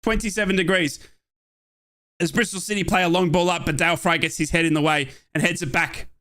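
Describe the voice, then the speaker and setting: A young Australian man giving excited fan play-by-play on a football match and chatting with viewers from his home office. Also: high-pitched, brisk. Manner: excitable, shouts at chances, chats with viewers. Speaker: watchalong streamer.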